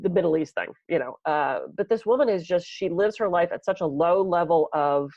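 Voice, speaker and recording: A woman's voice: lowish voice, animated, fairly quick, darkish tone, no echo, highs cut off. A woman co-hosting a podcast in casual chat, telling stories animatedly and acting out the people she quotes. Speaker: podcast co-host, massage therapist.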